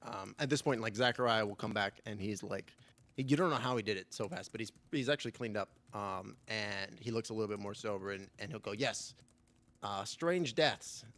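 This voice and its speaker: A man's voice: on the low side, steady tone, a little fast, fairly bright tone. A man narrating a tabletop game as game master in a rambling way, full of fillers and repeated words.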